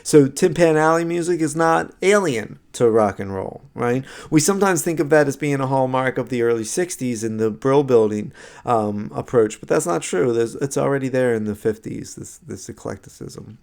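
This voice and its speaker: A man's voice: medium pitch, moderate pace, gravelly, a little mellow. A man giving a recorded slideshow lecture on music history, conversational, with many fillers and restarts and frequent "right?" checks.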